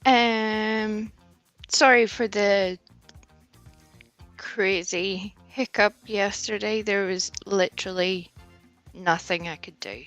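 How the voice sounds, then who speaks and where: A woman's voice: medium pitch, steady tone, slow, long pauses, a bit bright, faint music behind. A woman hosting a casual livestream, greeting viewers one by one and laughing often. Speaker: livestream host.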